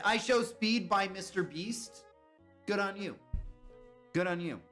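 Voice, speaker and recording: A young man banters with his live-stream chat, guessing aloud and answering viewers as they comment. His voice is high, a bit bright, and moves widely in pitch, with faint music underneath.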